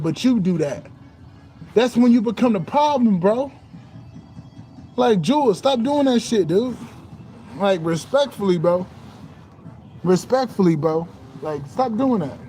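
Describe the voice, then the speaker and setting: A man's voice: high voice, dark tone. A young man in a casual spiritual rant as a streamer, preachy and repetitive, saying "bro" constantly.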